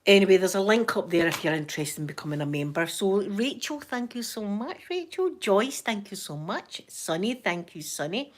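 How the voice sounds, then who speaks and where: A Scottish woman hosts a casual live stream, talking quickly and chattily. Her voice sits at an ordinary middle pitch. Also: lively intonation. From Scotland.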